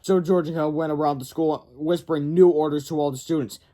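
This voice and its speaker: Read-aloud narrator, man, slightly high voice, stumbles and self-corrects. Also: steady tone, fast, dark tone. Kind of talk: reading a children's book aloud.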